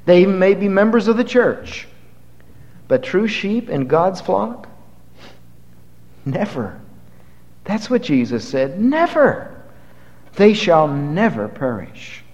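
A man preaching a sermon, emphatic, slowing down on key words and building to forceful high peaks. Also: very animated. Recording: dull lo-fi sound with long hall reverb.

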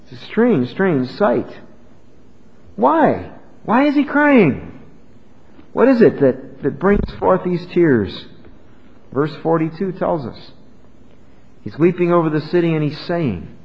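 An older man preaches from the pulpit with a lively, rising delivery, building to loud and emphatic high points. His voice sits a little high. The recording is dull and lo-fi, with a long church reverb trailing his words. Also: takes it slowly, pauses often. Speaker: pastor. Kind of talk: sermon.

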